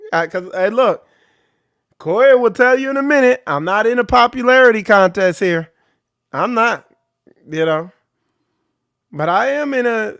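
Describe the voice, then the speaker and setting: Bluntly and animatedly, a man leads an informal ministry talk as its leader, preaching in a high-pitched voice with a fairly bright tone. It's a dry, studio-quality recording.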